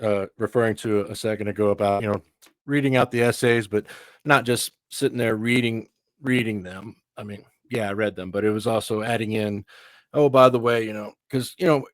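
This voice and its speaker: A man's voice: medium pitch, no room sound. A man from Texas with a Texan twang, a guest in a casual interview, telling stories in an easygoing way with chatty asides. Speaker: guest, veteran and author.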